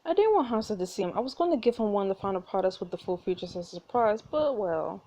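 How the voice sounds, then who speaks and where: A woman voicing a calm, gentle inventor father who speaks in a soothing, matter-of-fact way. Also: mid-range voice, fast. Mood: explaining.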